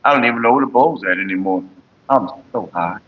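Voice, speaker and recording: A man with a fairly low voice speaks briskly on a muffled recording. He's a vlogger hosting a smoking session on his own casual vlog, loose and joking, rambling with viewers and greeting chat by name.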